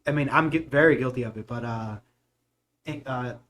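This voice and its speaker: A man's voice: medium pitch, moderate pace, fairly bright tone, a little hiss or hum. A young man from New England, co-hosting a podcast in casual joking chat with a loose, rambling manner. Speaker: podcast co-host.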